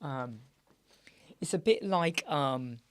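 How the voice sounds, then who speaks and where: Man, British accent, croaky voice, chatty live-show host, dry soundproofed room. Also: fairly high pitch, animated, takes it slowly, no room sound. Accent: British English. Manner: chatty, answers viewers by name. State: croaky, slightly weak voice. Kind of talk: casual live chat, reading out viewer questions. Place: small dark soundproofed room.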